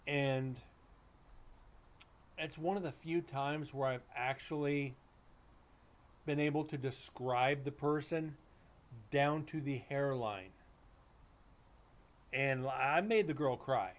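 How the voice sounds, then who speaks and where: Middle-aged male paranormal investigator, casual rambling storyteller, mid-pitched voice. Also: slow pace, pauses often. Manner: rambling, animated storytelling with many restarts and quoted dialogue. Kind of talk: casual storytelling on a live stream.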